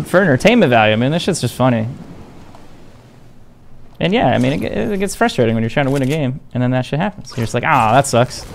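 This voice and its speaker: A man's voice: mid-range voice, vocal fry, slight background noise. A young man streaming a game, talking casually to his viewers in a blunt, defensive, profane way. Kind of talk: casual live-stream chat.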